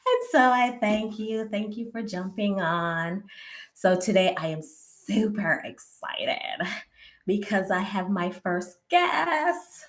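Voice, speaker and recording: A woman hosts a casual live-stream chat at a slow, easy pace, in a middle-pitched voice. She laughs often, greets her viewers by name, and sometimes drops to a near whisper for an aside. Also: lively intonation. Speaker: host of a live relationship podcast.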